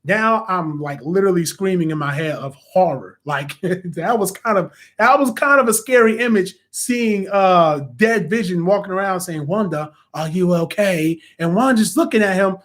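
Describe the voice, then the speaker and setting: A young man hosting a casual spoiler review of a TV episode, excitable and animated, often acting out reactions. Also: sits high, normal speed. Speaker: reviewer and host.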